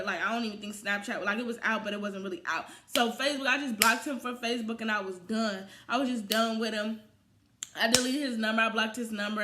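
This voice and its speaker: A young woman telling a storytime vlog in a sassy, animated way, getting loud and fast when she quotes herself. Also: fairly high pitch, slight background noise.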